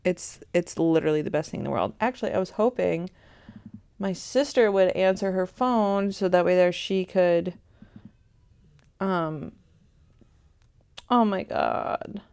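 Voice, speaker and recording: A woman's voice: fairly low pitch, unhurried, gravelly, pauses often, darkish tone, clean tone, no room sound. A woman in her thirties hosting a podcast in a rambling, chatty way, easily sidetracked mid-sentence. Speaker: podcast host. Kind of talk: casual chat.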